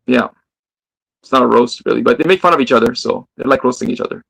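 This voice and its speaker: A man chatting casually as a guest on a live stream, relaxed and talkative. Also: medium pitch, quick pace, vocal fry, low-quality recording. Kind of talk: casual livestream chat.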